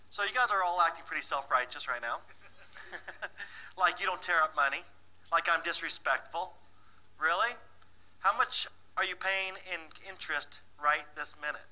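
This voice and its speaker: A man's voice: a little high, sharp tone, low-quality recording. A man presenting a live financial workshop, teasing and bossing the audience in a playful way and laughing often. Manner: laughs often between remarks.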